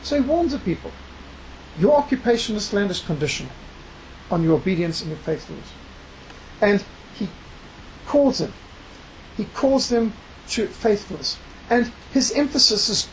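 An emphatic preacher delivers a sermon in a mid-range voice, weaving scripture readings into the message. Key phrases are drawn out slowly for weight. Faint background noise sits under the voice. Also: mid-range voice, sing-song, poor audio. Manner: emphatic, slows down to stress key words; reads scripture aloud within the talk. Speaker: preacher and missionary.

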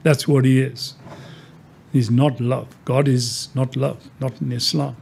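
A man's voice: mid-range voice, gravelly, a little mellow, husky. A man preaching a sermon who tells stories and asks rhetorical questions. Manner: storytelling, rhetorical questions, many quoted exchanges.

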